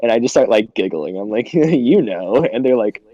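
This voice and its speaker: A man's voice: mid-range voice, lively intonation, moderate pace, dark tone, no echo. A young man co-hosting a podcast, telling stories in casual chat, swearing a lot and often breaking into giggles. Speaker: podcast co-host. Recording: dull lo-fi sound.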